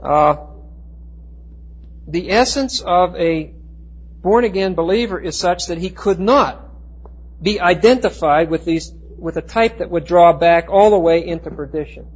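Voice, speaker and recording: A man teaching a Bible class, explaining Greek words with emphatic, slowed stress and frequent restarts. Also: high-pitched, breathy edge. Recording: dull lo-fi recording.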